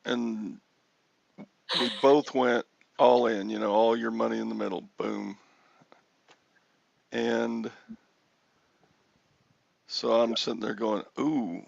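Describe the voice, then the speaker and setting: Older male host, gravelly and slow, rambling anecdotal storyteller on a dull headset mic. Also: mid-range voice, dry recording. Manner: rambling storyteller, chuckling, yells excitedly when reenacting. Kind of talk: casual chat. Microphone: headphones with mic.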